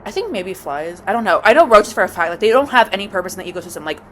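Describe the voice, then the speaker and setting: A woman vlogger telling a storytime rant, dramatic and swearing constantly, swinging from loud outbursts to low mutters. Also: big pitch swings, rapid-fire, a little hiss or hum.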